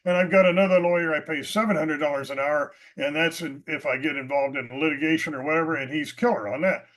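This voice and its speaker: Animated man with a slightly high voice. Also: fast talker. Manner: animated, laughs often, self-assured. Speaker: guest real estate agent. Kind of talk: casual interview chat.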